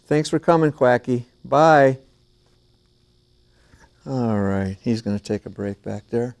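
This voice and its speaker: A man hosting a children's TV show in a small studio, singing and chatting playfully and gently with young viewers and a puppet duck. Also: medium pitch, animated, slow pace. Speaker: children's TV host.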